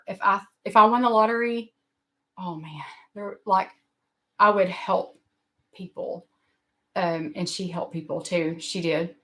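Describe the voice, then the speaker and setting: A middle-aged woman with a drawl rambles through a casual livestream chat. She is open, emotional and quick to poke fun at herself. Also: mid-range voice, pushed and bright. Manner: rambling, emotional, self-deprecating. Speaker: livestream host. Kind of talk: casual live-stream chat.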